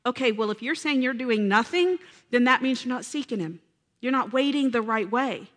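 Woman preacher, bright ringing voice pitched a little high, earnest and emotional, asks the congregation for answers. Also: lively intonation, normal speed. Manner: earnest, emotional, addresses congregation with call-and-response. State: close to tears. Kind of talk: sermon.

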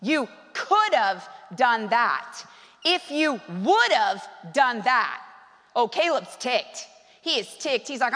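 A woman pastor delivering a sermon in an animated, conversational way, with bursts of emphasis. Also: fairly high pitch, measured pace. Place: church sanctuary. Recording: long reverb of a large hall.

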